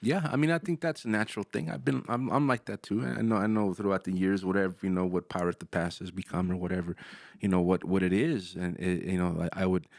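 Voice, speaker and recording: A man hosting a casual podcast interview, talking in a rambling, halting way with many restarts. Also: low-pitched, fairly even intonation, vocal fry, a little mellow, no room sound, clean studio sound. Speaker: podcast host.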